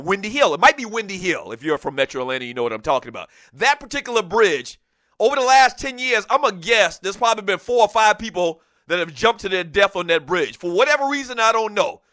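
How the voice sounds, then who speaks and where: Bright-voiced, animated sports talk host. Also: male voice, high voice, dry recording, clean studio sound. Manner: animated, laughs often, reads listener messages aloud. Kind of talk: casual sports talk radio chat.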